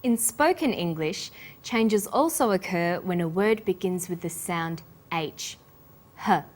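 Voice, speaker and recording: A woman with an Australian accent presenting an English pronunciation lesson, speaking slowly and enunciating every sound with care. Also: on the low side, lively intonation, faint music behind. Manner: slow, careful, clearly enunciated. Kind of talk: scripted lesson narration.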